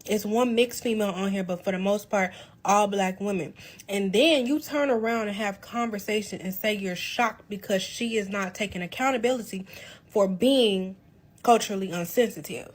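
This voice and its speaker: A woman's voice: medium pitch, normal speed. Indignant woman in casual talk. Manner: indignant, demanding explanations.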